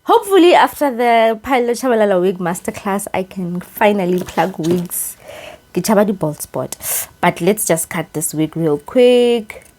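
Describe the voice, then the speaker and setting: A young South African woman chatting casually as she reviews a wig, excitable and expressive, switching languages mid-sentence. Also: medium pitch, moderate pace. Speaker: beauty YouTuber reviewing a wig. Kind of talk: casual chat.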